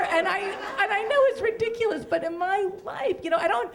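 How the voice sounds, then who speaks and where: A woman's voice: very high voice, a little fast, creaky, few pauses, some chatter behind. A middle-aged woman telling a personal story on stage at a live story slam, chatty and self-deprecating, laughing through her lines.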